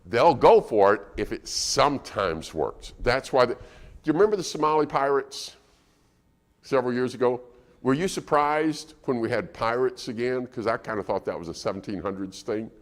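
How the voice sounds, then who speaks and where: A man's voice: mid-range voice, expressive, normal speed. A man preaching a sermon as guest speaker, conversational and asking the congregation questions. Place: church auditorium. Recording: reverberant church hall.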